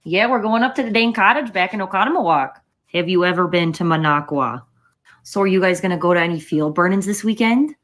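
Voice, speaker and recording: A woman's voice: fairly low pitch, brisk, a bit bright, natural voice. A woman putting on a chatty, neighborly Wisconsin lady with a Wisconsin accent, rambling through small talk.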